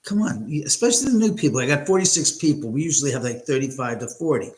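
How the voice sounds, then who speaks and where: A man's voice: mid-range voice, expressive, fast talker, a little mellow, rough recording. A man talking casually into a computer mic at home during a live stream. He chats along with viewers, reads their comments aloud and answers them as he goes. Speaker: livestream host. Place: at home, his own house.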